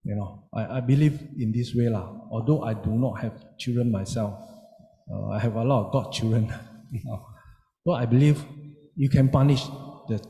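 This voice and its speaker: A man's voice: medium pitch, moderate pace, dark tone. A man speaking as a panelist in a parenting seminar, earnest and plain-spoken. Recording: echoey hall with long reverb.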